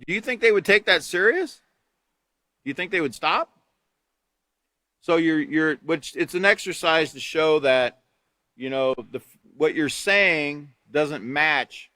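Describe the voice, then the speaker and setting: A man's voice: fairly high pitch, dry recording. A man leading a live online training course for teachers, reading steps from a manual and explaining them with examples. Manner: reads from a manual, then explains with lively examples.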